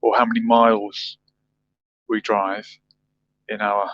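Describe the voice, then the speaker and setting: A man's voice: lowish voice, flat delivery, slow pace, a bit bright, no room sound. A man hosting a livestream, chatting casually, reading viewer comments and musing aloud with rhetorical questions. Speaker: livestream host. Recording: dull lo-fi dry sound.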